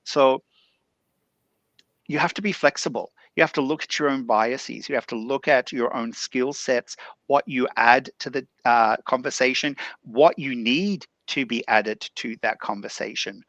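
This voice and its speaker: A man's voice: medium pitch, fairly bright tone, dry recording. A man with an Australian accent speaking earnestly on a discussion panel, posing rhetorical questions.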